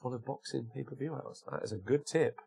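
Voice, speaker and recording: A man's voice: medium pitch, a little fast, gravelly, warm tone, husky. A man hosting a casual livestream, rambling and chatting while greeting viewers by name. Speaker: livestream host. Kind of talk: casual chat reading live comments.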